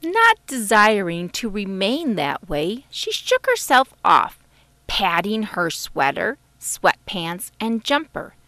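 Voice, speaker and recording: A woman, the author, narrating her children's storybook in a gentle, expressive way. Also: mid-range voice, slow pace, no room sound. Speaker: author reading her book. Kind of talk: audiobook narration.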